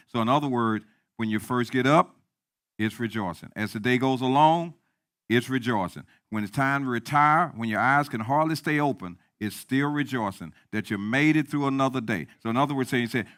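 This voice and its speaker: A man preaching a sermon as pastor, repeating key lines and swinging from quiet talk to loud emphasis. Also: medium pitch, moderate pace, no room sound, studio quality.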